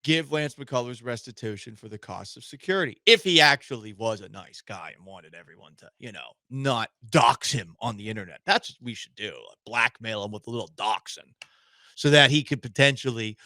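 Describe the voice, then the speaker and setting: A male sports radio host ranting with sarcasm and indignation, jumping between loud outbursts and quiet muttered asides. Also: mid-range voice, expressive, moderate pace, dry recording. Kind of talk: sports talk radio rant.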